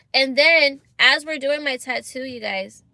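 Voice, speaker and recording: A young woman telling a story to her viewers in a casual vlog, animated and exasperated, using slang and talking straight to camera. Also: high-pitched, vocal fry, dry recording. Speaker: vlogger.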